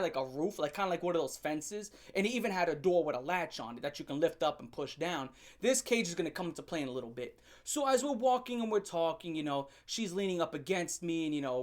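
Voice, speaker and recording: A young man vlogger telling a storytime rant in a brash, joking and crude way. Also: high voice.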